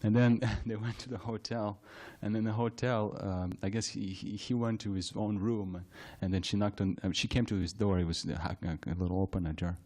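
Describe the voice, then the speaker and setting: A man's voice: on the low side, fairly even intonation, a little mellow. Man telling temple stories with frequent laughs. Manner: halting, repeats words, laughs often while telling stories. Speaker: devotee giving a scripture class. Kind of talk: anecdotal temple class talk. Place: temple class.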